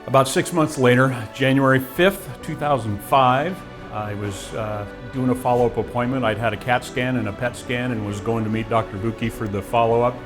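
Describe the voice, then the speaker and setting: A man's voice: medium pitch, normal speed, music in the background. A man in his forties giving an earnest, reflective personal testimony, with frequent restarts. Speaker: guest telling his story.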